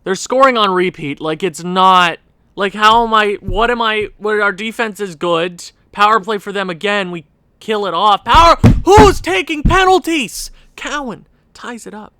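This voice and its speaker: A man's voice: high-pitched, moderate pace, bright, forceful tone, smooth, no echo. A young man giving casual gameplay commentary as a video creator, ranting in exasperation at the game with sighs and rueful laughs.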